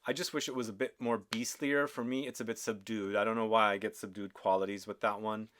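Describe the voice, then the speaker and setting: A man's voice: lowish voice, little pitch movement, brisk, a bit bright. A man hosting a casual perfume review, talking with enthusiasm and often asking viewers questions. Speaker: fragrance reviewer.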